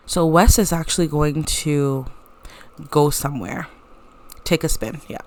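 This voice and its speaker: A woman's voice: low voice, a little slow, long pauses, darkish tone, slight background noise. A woman hosting a casual let's-play, narrating the game in a chatty, giggly, playful way.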